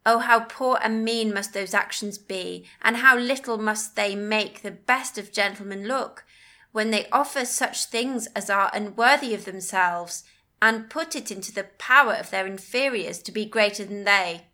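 Slow, bright-voiced woman narrating. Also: medium pitch. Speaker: audiobook narrator. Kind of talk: first-person audiobook narration.

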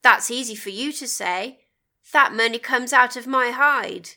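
Brief: woman reading a dismissive, penny-pinching husband, scornful and sharp-edged. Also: a little high, a little slow, full character voice. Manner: curt, scornful. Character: stubborn, tight-fisted middle-aged husband, dismissive.

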